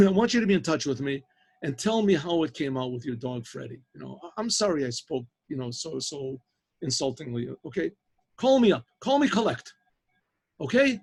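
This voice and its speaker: A man doing a courteous, somewhat bewildered professor with a gravelly, husky voice. He apologizes and explains in an earnest, careful way. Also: mid-range voice, lively intonation, a little fast, darkish tone. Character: polite, puzzled older male professor.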